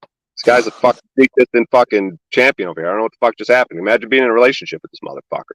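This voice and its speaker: Fast, profane, exasperated comedian man. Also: mid-range voice, dry recording, rough recording. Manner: loud, exasperated, sarcastic, rapid-fire swearing. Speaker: comedian guest on a livestream podcast.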